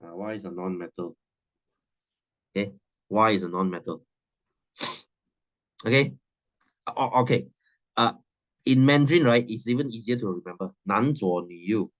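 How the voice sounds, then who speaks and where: A man's voice: lowish voice, normal speed, long pauses. A man, teaching a science class in a chatty, teasing way and laughing often. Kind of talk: classroom lesson.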